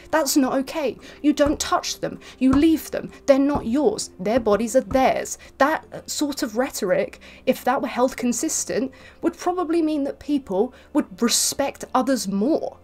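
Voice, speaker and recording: A woman's voice: high-pitched, a little mellow. A woman reacting to video clips with sarcastic, exasperated ranting commentary.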